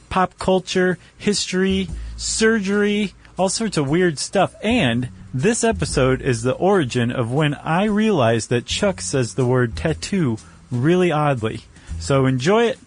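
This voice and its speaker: A man's voice: a little high, lively intonation, measured pace. Jokey, rambling male podcast host. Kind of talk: casual chat.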